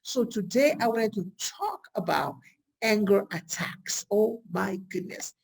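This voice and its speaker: Brief: husky, gravelly woman vlogger, chatty and lively, full of rhetorical questions. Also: mid-range voice, measured pace. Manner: lively, rhetorical questions, acts out quoted speech. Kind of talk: casual talk to camera.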